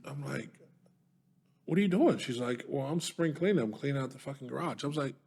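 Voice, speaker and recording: A man's voice: mid-range voice, fast talker, creaky, a little mellow, husky. A man co-hosting a podcast, telling stories in casual chat, swearing often and speaking with emphasis. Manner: profane, storytelling, emphatic. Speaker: podcast co-host.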